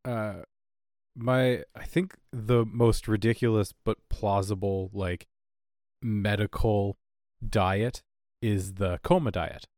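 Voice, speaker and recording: A man's voice: on the low side, fairly even intonation, slow pace, darkish tone, dry recording, studio quality. A man co-hosting a casual podcast chat, joking and telling stories. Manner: joking, storytelling. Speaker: podcast co-host.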